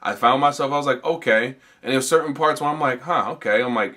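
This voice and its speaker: A man with a bright, forceful voice at a middle pitch hosts a comedy podcast. He rambles through a casual, profane story, restarting sentences and piling on fillers. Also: brisk, few pauses. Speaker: podcast host.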